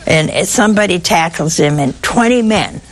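A woman's voice: on the low side, expressive, moderate pace, poor audio. A woman giving a sermon, telling stories with humor and asking her listeners rhetorical questions. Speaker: preacher.

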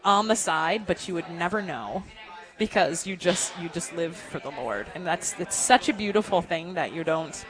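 A woman hosts a talk radio interview with an effusive, chatty warmth and plenty of "like" and "just." Her voice sits on the low side for a woman. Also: animated, normal speed, music in the background. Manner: gushing, effusive, chatty with many fillers. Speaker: radio show host.

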